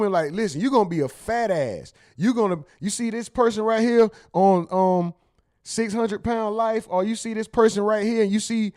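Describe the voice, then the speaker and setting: Man, high voice, blunt, profane, emphatic casual commentary host. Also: normal speed, a little mellow.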